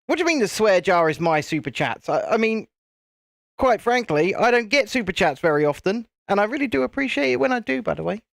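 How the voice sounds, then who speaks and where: Lively, chatty man. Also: high voice, a little fast, vocal fry, no room sound, studio quality. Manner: chatty, rambling, swears casually. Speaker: channel host. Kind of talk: casual live-stream chat while building.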